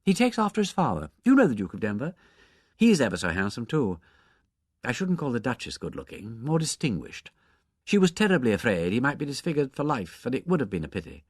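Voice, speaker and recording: A man plays a chatty hospital nurse in an audiobook, talking on in a gossipy, fond way with a lively rise and fall. The voice sits close and dry. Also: medium pitch, a little fast, dry recording.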